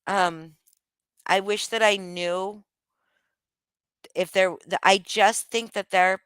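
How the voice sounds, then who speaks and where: A woman's voice: medium pitch, steady tone, slow, fairly bright tone, clear, resonant tone, dry recording. A woman vlogging in a casual, rambling monologue, speaking candidly with frequent swearing and many restarts.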